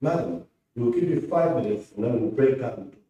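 A man's voice: mid-range voice, lively intonation, fairly quick, warm tone, lo-fi sound, slight background noise, lightly acted. A blunt police officer who gives firm orders, played by a man reading. The sound is distant and roomy. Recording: roomy hall from far off.

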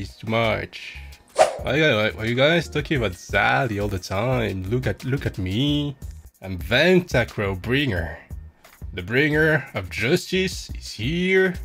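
A man's voice: medium pitch, creaky, a bit bright. A young man on a live stream playfully impersonating another streamer, reading chat questions and goofing around. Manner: teasing, goofy, reads chat questions aloud and jokes.

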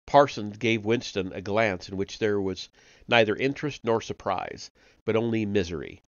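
Low-voiced man reading a novel aloud. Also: no room sound, muffled recording. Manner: measured, with occasional slips and self-corrections. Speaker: reader of an online book series. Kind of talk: live audiobook reading.

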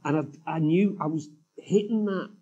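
A man's voice: fairly high pitch, normal speed, warm tone, slightly rough, muffled recording. A man, a writer and former police officer, speaking as a guest in a live on-stage interview, telling candid, rambling stories full of "you know"s. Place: live summit stage before an audience.

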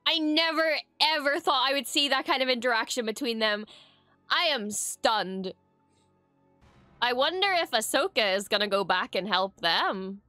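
A woman hosting a reaction video, gasping, laughing and swearing in excitement as she gushes over what she watches. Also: on the high side, moderate pace, no room sound, soft background music. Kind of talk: excited live reaction commentary. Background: faint show soundtrack.

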